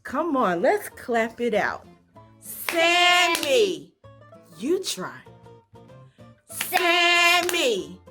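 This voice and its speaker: A woman teacher talks small children through a phonics lesson, high-pitched and very slow. Her voice swoops up and down in an encouraging sing-song full of questions. Faint music plays underneath. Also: wildly swooping pitch.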